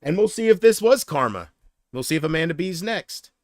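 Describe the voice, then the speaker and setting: A man on a livestream vents in an agitated, profane rant and answers his chat as he goes. His voice sits a bit high for a man. The sound is close and dry, with no room echo. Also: lively intonation, a little fast, a little mellow. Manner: reads viewer comments aloud. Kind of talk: live-stream rant to chat.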